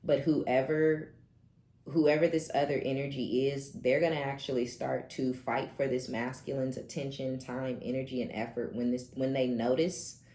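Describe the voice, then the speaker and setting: A woman with a very deep voice reads tarot in a loose, animated way, peppering it with swearing and laughing asides. Her comes through, and the room around her sounds echoey. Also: normal speed. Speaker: tarot reader. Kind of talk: casual tarot reading.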